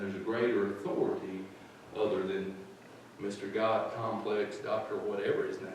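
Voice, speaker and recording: A man's voice: on the low side, level tone, normal speed, a little hiss or hum. A male pastor preaching a sermon in a plain-spoken, folksy storytelling way. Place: church sanctuary. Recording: echoey church from far off.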